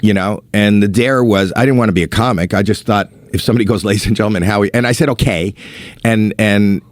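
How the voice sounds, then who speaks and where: A man telling comedy stories as a guest, animated, swearing freely and acting out quotes. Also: lowish voice, fast talker, no echo. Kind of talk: casual storytelling.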